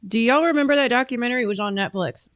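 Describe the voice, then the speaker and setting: A woman's voice: on the high side, rapid-fire, a bit bright. A woman hosting a casual commentary show, reacting to video clips in a chatty, emphatic way. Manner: chatty, emphatic, talks with her mouth full at times.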